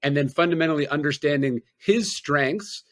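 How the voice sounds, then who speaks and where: A man hosting a podcast interview who tells anecdotes in a calm, measured way. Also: on the high side. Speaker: podcast host and author.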